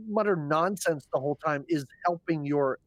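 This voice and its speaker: A man's voice: on the high side, normal speed, dry recording. A man co-hosting a podcast, criticizing a radio host in exasperated casual chat.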